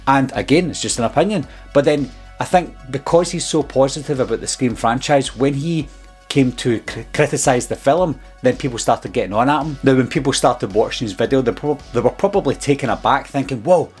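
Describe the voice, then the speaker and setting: A man speaking as a film-review YouTuber, giving an earnest, exasperated casual commentary about his critics. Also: medium pitch. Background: faint background music.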